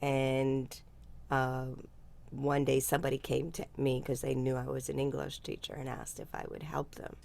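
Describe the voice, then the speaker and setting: Blunt older woman, low gravelly voice. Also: flat delivery, moderate pace, a little mellow. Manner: blunt, salty, laughs often. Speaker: guest speaker. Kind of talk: casual video-call chat.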